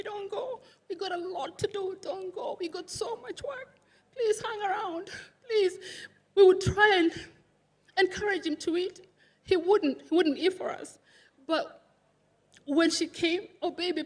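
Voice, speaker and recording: A woman giving a funeral eulogy for a family member, speaking in a heartfelt, conversational way with many restarts. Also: high voice.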